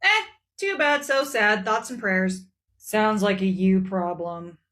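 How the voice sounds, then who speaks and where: A woman's voice: medium pitch, expressive, slow pace, fairly bright tone. A woman voicing smug, dismissive countries in a comedy sketch, answering with dry mockery. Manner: dry, mocking, unbothered.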